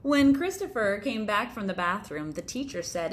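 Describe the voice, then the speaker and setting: A woman's voice: mid-range voice, moderate pace, hardly any pauses, slight background noise. Playful woman reading a storybook aloud. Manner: playful, animated sound effects. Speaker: storyteller for children.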